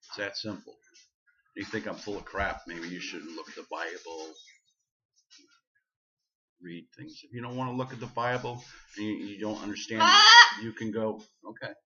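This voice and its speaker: Male vlogger with a deep, hard-edged voice, preaching earnestly and repeating his points. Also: huge pitch swings, normal speed, long pauses, sharp tone, highs cut off. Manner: earnest, repeats himself for emphasis. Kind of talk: casual preaching to camera.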